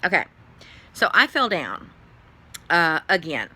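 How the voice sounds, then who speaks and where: A middle-aged woman with a drawl, talking straight to her phone camera. She sounds tired and keeps yawning, and she rambles and swears a little. Her voice is bright and her pitch rises and falls a lot. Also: sing-song, slow pace, slightly rough. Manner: chatty, rambling, swears and sighs. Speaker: vlogger. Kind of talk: casual chat to camera.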